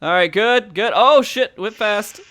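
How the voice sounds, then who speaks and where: A man hosts a gaming podcast and talks through gameplay footage in a lively, joking way that is loose with swear words. His voice sits high and sounds bright and crisp. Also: a little slow. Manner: animated, swearing, laughing, narrating play by play. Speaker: podcast host. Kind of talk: casual commentary over gameplay footage.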